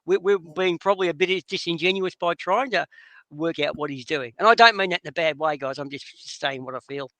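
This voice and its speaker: A man talks footy in a loose, rambling way and swears freely. His voice sits high and sounds bright and forward. It is picked up close on a dry mic. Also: fairly quick, dry recording. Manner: rambling, frank, swears often. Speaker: podcast host. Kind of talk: casual chat.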